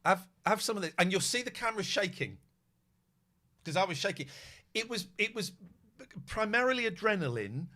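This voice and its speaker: A middle-aged man tells a story on his podcast in a lively, bright, high voice that swings widely in pitch. He swears a lot and acts out the shouting of others. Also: moderate pace, pauses often. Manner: sweary, re-enacts shouted quotes. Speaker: podcast host. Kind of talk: animated storytelling.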